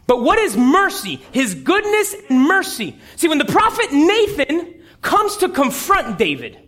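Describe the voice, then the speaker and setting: A man preaching a sermon, telling a story with animated, acted-out quotes. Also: very high-pitched, unhurried.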